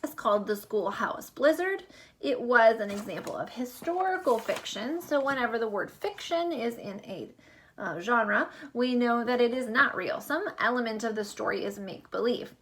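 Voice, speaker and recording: A woman teacher recording a distance-learning lesson for young students, deliberate and encouraging with gentle teasing. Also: a little high, animated, slight background noise.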